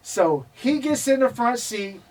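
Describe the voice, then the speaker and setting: A man telling stories in a casual interview, animated and profane, acting out the people he quotes. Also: very high-pitched, measured pace, far from the mic, rough recording. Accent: Texan. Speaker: guest, MMA historian.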